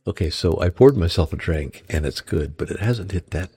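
A tired man hosting a music stream, chatting between tracks and greeting viewers in the chat in a relaxed, rambling way. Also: low-pitched, moderate pace, husky. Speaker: radio or stream DJ. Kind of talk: laid-back music show patter.

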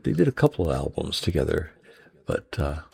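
A tired man hosting a music stream, chatting between tracks and greeting viewers in the chat in a relaxed, rambling way. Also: rumbling low, brisk, creaky, husky. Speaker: radio or stream DJ. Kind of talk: laid-back music show patter.

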